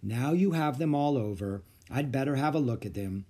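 A man reading aloud, voicing a strict middle-aged woman math teacher who speaks sternly and crisply. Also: mid-range voice, lively intonation, moderate pace, dark tone, close to an everyday voice. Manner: stern, clipped, schoolmarmish.

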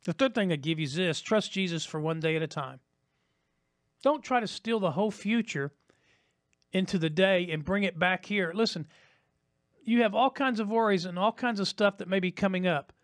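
Man, pastor, sermon, high-pitched voice, emphatic repetition, dry close sound. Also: normal speed, no echo. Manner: emphatic, rhythmic, repeats key lines.

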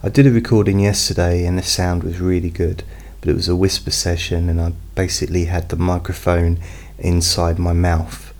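A man who hosts hypnosis recordings, chatting in a slow, meandering way with many fillers. He is speaking at home into a studio microphone behind a pop filter. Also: sits low, flat delivery, a little mellow. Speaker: hypnotist host. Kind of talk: casual personal update. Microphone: studio mic with pop filter, not close.

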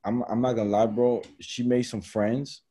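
A young man hosting a podcast, telling a story in a casual, slangy, animated way, peppering his talk with bro and man. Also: mid-range voice, normal speed. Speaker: podcast host.

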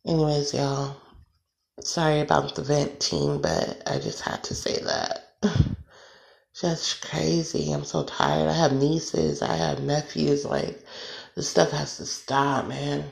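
Solo podcast host, gravelly voice, roomy echo, emphatic, repetitive, cursing. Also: medium pitch, slow.

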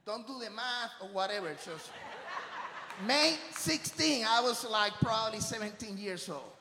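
High-voiced man preaching in an echoey hall. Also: a little slow, vocal fry, background noise. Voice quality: non-native English phrasing. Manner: swings from hushed testimony to shouted preaching. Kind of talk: sermon.

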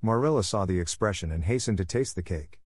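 A man narrating a classic novel in a steady, measured storytelling manner. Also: on the low side, no room sound.

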